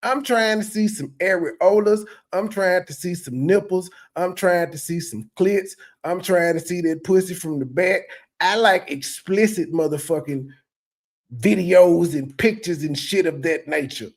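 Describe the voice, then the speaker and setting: A man talks over a clip in a loose, profane commentary style. He mocks and rants at what he hears, and his voice sits a little high for a man. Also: unhurried. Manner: profane, mocking, animated rants. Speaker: commentary host. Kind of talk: reaction commentary.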